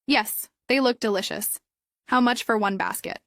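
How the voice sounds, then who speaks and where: A woman's voice: fairly high pitch, moderate pace, a bit bright, dry recording, clean studio sound, lightly acted. A woman voicing a polite young woman making small talk with sellers and friends. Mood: pleasant. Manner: polite, pleasant.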